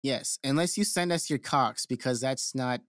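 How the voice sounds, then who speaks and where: A man's voice: medium pitch, moderate pace, a bit bright, no room sound. A young man co-hosting a podcast in casual banter, blunt and swearing freely. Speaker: podcast co-host.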